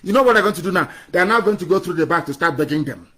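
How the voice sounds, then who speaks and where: A man's voice: high-pitched, lively intonation, rapid-fire, fairly bright tone. A man with a Nigerian English accent giving an impassioned political broadcast, scornful and repeating phrases for emphasis. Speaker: political activist addressing followers.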